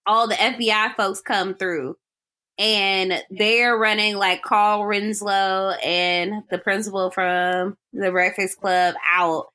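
Woman, casual co-host, slow deliberate pace, bright timbre, storyteller. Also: mid-range voice, fairly even intonation. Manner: unhurried storytelling with quoted lines. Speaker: podcast co-host. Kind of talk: casual movie recap chat.

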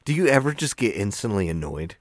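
A man's voice: lowish voice, brisk, dry recording, clean studio sound. A young man, co-hosting a podcast in casual chat, telling stories with lots of fillers and frequent laughs. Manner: animated storytelling, laughs often, many "like" fillers. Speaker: podcast co-host. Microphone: studio microphone.

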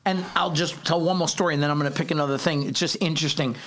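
A middle-aged man, host of a recovery podcast, telling stories in casual chat, animated and swearing casually. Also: on the high side, racing.

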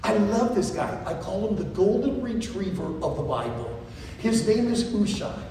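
A man preaching a sermon to college students, telling a story in an animated way and repeating his phrases, recorded in a large echoey hall from far off. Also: high-pitched, normal speed, a little hiss or hum.

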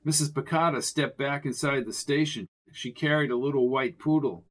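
A man giving scripted narration of a mystery audiobook in a steady, measured way. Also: mid-range voice.

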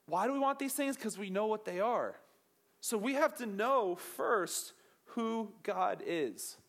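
A young man giving an energetic, joking sermon as a pastor, asking the audience questions. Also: high-pitched, unhurried. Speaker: youth pastor.

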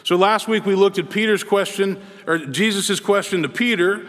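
Male pastor, high voice, earnest measured sermon delivery, recorded with long hall reverb. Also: a bit bright. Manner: earnest, measured preaching with pauses.

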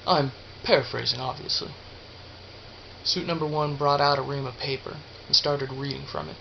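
A man narrating a story aloud in a steady, even reading. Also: medium pitch, normal speed, vocal fry. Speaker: audiobook reader. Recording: dull lo-fi with faint hiss.

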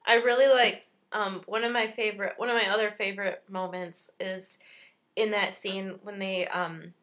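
A woman's voice: mid-range voice, little pitch movement, normal speed, a bit bright. A woman talking over a film in casual conversation, full of enthusiasm. She laughs as she retells scenes she loves and reaches for playful comparisons to explain them, in an easy conversational voice. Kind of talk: casual chat about a film.

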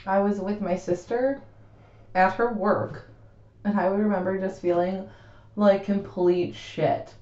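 Animated, swearing young woman, roomy sound. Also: mid-range voice, unhurried, muffled recording. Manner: animated, swears freely, laughs a lot. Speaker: podcast co-host. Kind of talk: casual podcast storytelling.

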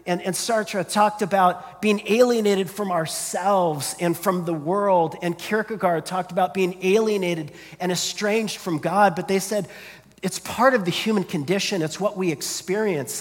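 High-voiced preacher in a reverberant hall. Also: male voice. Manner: earnest, repeats words when starting sentences. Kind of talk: sermon.

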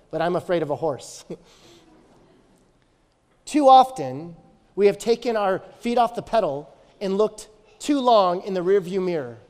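High-voiced man preaching in a hall. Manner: animated storytelling preacher, repeating phrases for emphasis. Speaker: pastor. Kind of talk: sermon.

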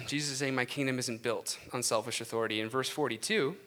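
A man preaching a casual, conversational sermon with animated delivery and self-deprecating asides. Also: mid-range voice, a little fast.

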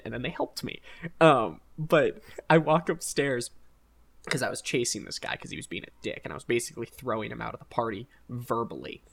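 A man's voice: mid-range voice, vocal fry. Young man telling a rambling story. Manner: rambling, laughing, animated retelling. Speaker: podcast host. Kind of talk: casual storytelling chat.

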